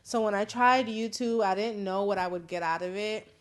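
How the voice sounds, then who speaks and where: A woman's voice: mid-range voice, moderate pace. Candid young woman hosting a call-in stream. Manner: candid, swears freely, laughs often. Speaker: host. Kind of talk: casual live-stream call-in chat.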